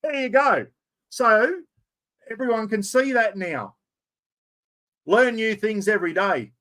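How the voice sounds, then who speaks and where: An Australian man hosts a live stream with a high, expressive voice, talking slowly. He chats casually with viewers and jokes at his own expense while fumbling with the computer software.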